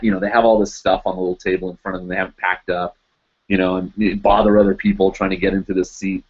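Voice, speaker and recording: Livestream host, male, somewhat low pitch, loose chatty anecdote delivery with constant fillers, dull recording. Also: flat delivery, fast talker, husky. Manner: rambling, loaded with "you know" and "like". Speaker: live chat show host. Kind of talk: casual storytelling.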